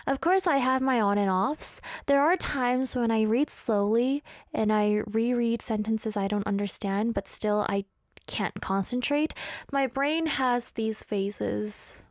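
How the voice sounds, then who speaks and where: A woman's voice: a little high, a little mellow, no echo. Playful, chatty woman radio host. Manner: chatty, playful and self-mocking. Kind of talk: casual chat reading listener messages. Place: radio studio.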